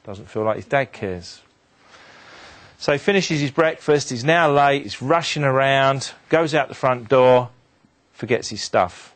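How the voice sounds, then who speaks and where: Man telling a story to a crowd. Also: measured pace. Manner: animated storyteller, drops voice low and quiet for sad beats. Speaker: motivational speaker. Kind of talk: storytelling talk to an audience.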